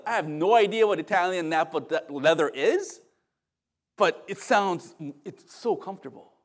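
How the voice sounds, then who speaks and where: A male pastor preaching a sermon in an animated, conversational storytelling manner with humorous asides. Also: sits high, normal speed.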